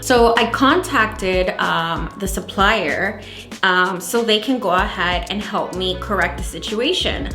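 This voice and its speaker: A woman vlogging casually about her small business, animated and exasperated as she acts out both sides of a dispute. Her medium-pitched voice bounces around a roomy space. Faint music plays underneath. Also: slow. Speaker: candle maker vlogger. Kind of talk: casual vlog storytelling. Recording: echoey room, faint music.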